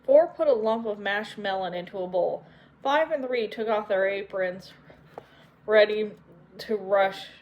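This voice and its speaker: A woman narrating an audiobook in a measured, unhurried way. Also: mid-range voice, rough recording. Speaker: audiobook reader.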